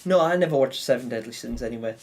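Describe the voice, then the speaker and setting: A man's voice: mid-range voice, quick pace, a little mellow, slight background noise. A young man chatting casually on a livestream, rambling with lots of fillers and chuckles.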